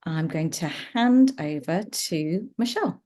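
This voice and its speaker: Middle-aged woman on a video call from her office, lots of ums, lowish voice. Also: expressive, takes it slowly, darkish tone. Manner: hesitant, many ums. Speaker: project lead and host. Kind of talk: online meeting introduction.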